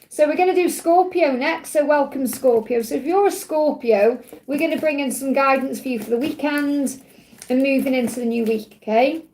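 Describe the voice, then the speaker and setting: A woman with a croaky voice giving a live tarot reading in a soothing, reassuring way. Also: high-pitched, darkish tone. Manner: soothing, reassuring, repeats key phrases. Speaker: tarot reader.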